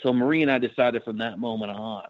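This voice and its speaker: A man's voice: mid-range voice, quick pace, no room sound. A man who works as a paranormal investigator, telling his story in a casual interview with lots of fillers and restarts. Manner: rambling, many fillers and restarts. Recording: dry, slightly muffled recording.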